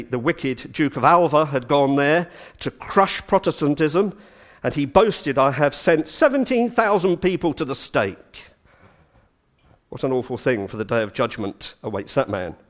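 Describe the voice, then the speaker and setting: A man giving a storytelling lecture, animated and full of chatty asides. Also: mid-range voice. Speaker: speaker giving a talk.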